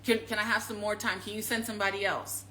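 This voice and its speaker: A woman's voice: mid-range voice, little pitch movement, quick pace, bright, forceful tone, close to an everyday voice, poor audio. A frightened man pleading, as a woman acts him. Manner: stammering and pleading.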